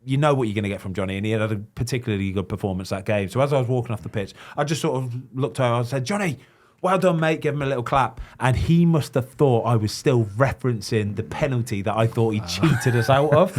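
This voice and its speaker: Podcast host, man in his forties, lively storyteller who mimics voices. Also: medium pitch, quick pace, few pauses. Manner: lively storyteller, acts out quotes. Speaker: podcast host, former goalkeeper. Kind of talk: casual chat, anecdotes.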